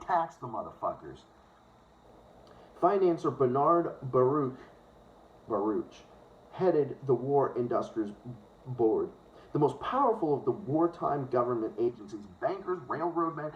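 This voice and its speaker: Animated male reader, ranting and profane, lo-fi phone recording. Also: medium pitch. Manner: profane, sarcastic interjections between passages; stumbles over words and corrects himself. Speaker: host reading a book aloud. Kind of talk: casual read-aloud with ranting asides. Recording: dull lo-fi phone recording, faint hiss.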